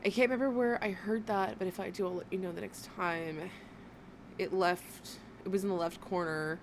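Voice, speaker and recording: A woman's voice: lowish voice, steady tone, normal speed, slight background noise. A woman hosting a livestream, giving blunt, profane, exasperated commentary as she reacts to a video.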